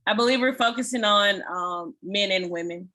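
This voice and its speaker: Woman, student, bright tone, brief casual answers, video call. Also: mid-range voice, moderate pace, a little hiss or hum. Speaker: student team member. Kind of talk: team introduction.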